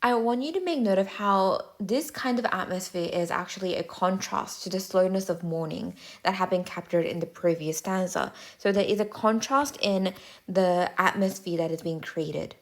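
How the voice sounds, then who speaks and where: A woman tutor giving a measured, clear, step-by-step explanatory voice-over lesson. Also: mid-range voice.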